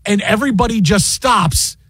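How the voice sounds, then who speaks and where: A man's voice: sits high, normal speed, a bit bright, husky, no echo, poor audio. A middle-aged man hosting a sports talk radio show, telling a story in a rambling way full of "like" and "you know". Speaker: radio host. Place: radio studio.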